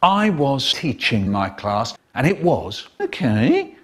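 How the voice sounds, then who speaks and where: A man's voice: medium pitch, big pitch swings, slow, fairly bright tone. A man telling playful children's stories in a comedic spliced edit, acting out characters in different voices. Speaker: storyteller.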